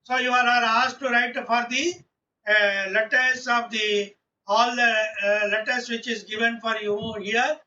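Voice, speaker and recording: A man's voice: extremely high pitch, steady tone, measured pace, pushed and bright, recorded from a distance, muffled recording, a little hiss or hum. A male teacher, giving an online class lesson and patiently sounding out letters one by one.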